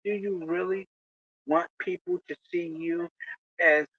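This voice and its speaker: A vlogger delivers a slow, moralizing lecture aimed at feuding creators, stopping again and again for a "you know?". The voice sits dry and close, with no room sound. The recording is dull and lo-fi. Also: medium pitch, steady tone, a bit bright, no echo. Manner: preachy, lecturing, repeats "you know?" often. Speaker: video creator addressing rival channels. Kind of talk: moralizing monologue to camera.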